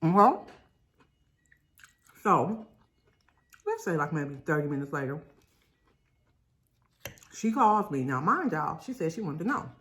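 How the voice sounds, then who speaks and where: Chatty woman vlogger, lowish voice. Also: slow, pauses often. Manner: animated, chatty, addresses viewers as y'all. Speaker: mukbang vlogger. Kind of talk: casual storytelling while eating.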